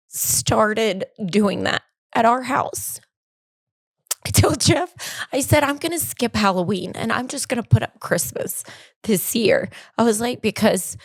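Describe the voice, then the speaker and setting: A woman with a mid-range voice, heard in clean studio sound without echo, hosts a podcast by herself despite being a co-host. She rambles candidly through a casual personal monologue, joking at her own expense while fighting back emotion.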